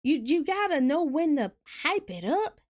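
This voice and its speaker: A woman with a Southern US accent, fairly high-pitched, talking fast in a loose, rambling way as she streams a game. She laughs often between thoughts. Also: sing-song, a little mellow. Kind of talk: casual gaming chat.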